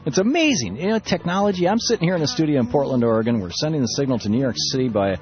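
A man hosting a political talk radio show from a studio, speaking in an animated, indignant way with many restarts. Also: mid-range voice, racing, soft background music. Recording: dull, slightly lo-fi radio broadcast.

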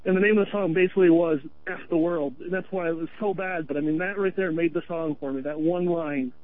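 A man from Vermont calls into a radio show and rambles on earnestly in a chatty way. His voice sits high for a man and comes through a tinny telephone line. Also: fairly even intonation, fast, dry recording. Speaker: caller. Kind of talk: phone-in radio talk.

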